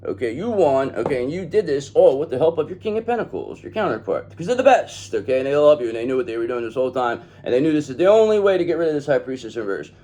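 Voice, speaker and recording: A man's voice: medium pitch, very animated, fast talker, hardly any pauses, warm tone. A man giving a tarot reading in an emphatic, profane manner, often checking in with "okay?". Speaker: tarot reader.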